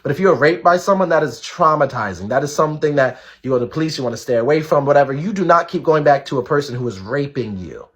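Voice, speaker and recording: Husky guy on a live stream, blunt, swears a lot, keeps repeating himself to the chat. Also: a little high, lively intonation, fast, few pauses, a bit bright. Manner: blunt and outspoken, swears freely; talks straight to his viewers, repeating himself for emphasis. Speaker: live-stream show host. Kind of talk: casual live-stream commentary.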